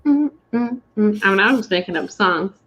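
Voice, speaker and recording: A woman's voice: medium pitch, animated, normal speed, fairly bright tone, highs cut off. A woman hosting a tipsy movie review, rambling and giggling and swearing as she talks. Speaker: show host.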